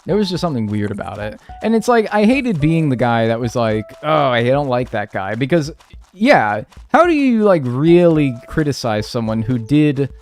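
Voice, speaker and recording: A man's voice: medium pitch, normal speed. Rambling, profane man streaming a game. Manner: rambling, profane, animated storytelling with mimicked voices. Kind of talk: casual stream chat while gaming. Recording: faint music behind.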